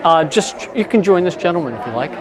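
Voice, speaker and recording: A man in his sixties leading a conference workshop, talking in a chatty, storytelling way with quick asides. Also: sits high, lively intonation, a loud crowd. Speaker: workshop presenter. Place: conference room.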